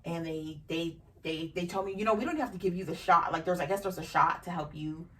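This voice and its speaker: A woman's voice: on the low side, fairly quick, a bit bright. A woman hosting a podcast, telling a personal story frankly and emotionally, with casual swearing. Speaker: podcast host. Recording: distant from the mic.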